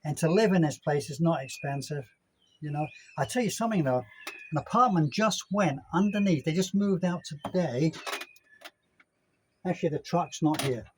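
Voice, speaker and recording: A man's voice: fairly high pitch, animated, normal speed, a little hiss or hum, poor audio. An older man chatting casually to his phone camera outdoors, rambling and correcting himself as he goes. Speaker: vlogger. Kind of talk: casual vlog chat. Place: outdoors at a gated apartment complex in Mexico. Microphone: handheld phone camera.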